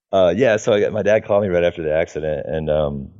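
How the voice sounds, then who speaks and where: A man's voice: low voice, a little fast, dark tone, muffled recording. A man chatting casually as a podcast guest, rambling with lots of fillers and restarts. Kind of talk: casual conversation.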